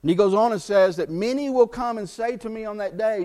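A middle-aged man preaching a sermon as pastor, telling a personal story earnestly and dropping to a hush when quoting scripture. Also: sits high, expressive, normal speed.

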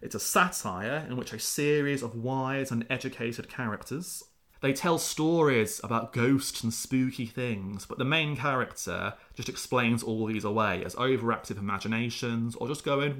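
Animated man telling tales. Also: medium pitch, normal speed. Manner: animated storyteller, acts out quotes. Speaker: historian guest. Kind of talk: casual podcast chat.

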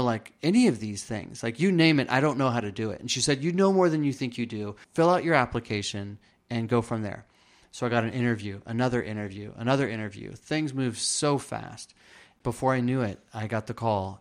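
An earnest man sits for an interview and tells a personal story at an ordinary pitch. He slips into the other people's lines as he quotes them, and he often stops and starts his sentences over. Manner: earnest, acts out quoted dialogue; frequent restarts and fillers. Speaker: interview guest.

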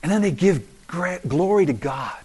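A man preaching a sermon as pastor, animated and acting out the voices of the story. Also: high-pitched, normal speed, breathy edge. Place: church in South Florida.

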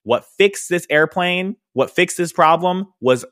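A man's voice: high-pitched, measured pace, no room sound. Chatty young man podcasting on a dry mic. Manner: animated, chatty, lots of fillers. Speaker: podcast host, hairstylist business educator. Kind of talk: casual podcast storytelling.

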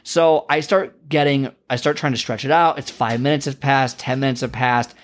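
A man's voice: medium pitch, fairly even intonation, normal speed. A man hosting his own podcast, telling a story in a rambling, chatty way full of fillers and self-deprecating asides. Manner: rambling and chatty, heavy with "like" and "you know". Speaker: podcast host. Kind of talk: casual solo podcast monologue.

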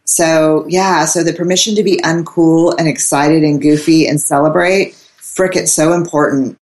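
Academic woman guest, low voice, chatty storyteller who acts out quotes. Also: moderate pace. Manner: lively anecdotes, quotes others, laughs often. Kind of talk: casual storytelling in conversation.

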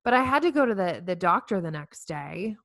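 A woman, giving a heartfelt inspirational talk to women, telling stories with earnest warmth and self-mocking humor. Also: lowish voice, very animated, fairly quick, no room sound. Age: 40s. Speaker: speaker addressing women facing infertility.

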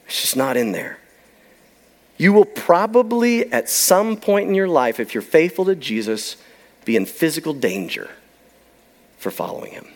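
A man preaching a sermon, telling a story with emphasis and letting key lines trail off to a near-whisper. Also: on the high side. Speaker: pastor.

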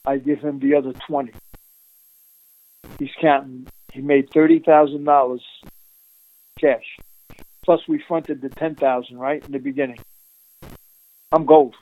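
An animated man tells a streetwise story in a casual interview, laughing often and restarting his sentences. His voice sits fairly high for a man, and the sound is dry and close. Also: unhurried, long pauses, no echo, rough recording. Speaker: interviewee recounting undercover work.

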